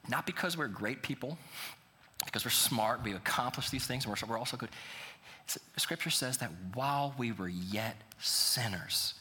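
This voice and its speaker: A male pastor delivers an earnest sermon in a bright, forceful voice that pushes into emphatic peaks. His words ring out with a long reverb, as if spoken in a large hall. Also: mid-range voice. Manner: earnest, builds to emphatic preaching.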